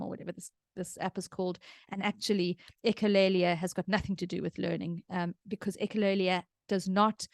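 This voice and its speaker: A woman's voice: mid-range voice, steady tone, brisk, no room sound, studio quality. A middle-aged woman with a South African accent, hosting a podcast and giving chatty, explanatory parenting advice. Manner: chatty, explanatory, laughs easily. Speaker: podcast host, parenting expert. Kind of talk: casual advice chat.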